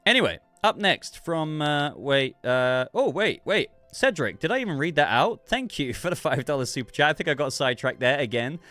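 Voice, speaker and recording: A man's voice: a little high, sing-song, moderate pace, few pauses, bright, forceful tone, no echo, faint music behind. A man hosting a casual livestream, chatting loosely and reading viewer messages, sounding congested with a cough. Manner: rambling, chatty, self-interrupting. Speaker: livestream host.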